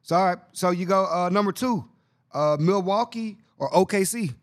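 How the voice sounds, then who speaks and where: Excitable man chatting casually about basketball. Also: high voice, normal speed. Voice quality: excitable, slangy, repeats himself. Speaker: podcast host.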